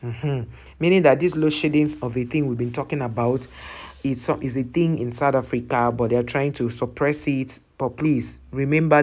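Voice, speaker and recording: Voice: medium pitch, a little mellow. A travel channel host, reading out viewer comments in a casual way, reacting to each one and explaining it to the listener.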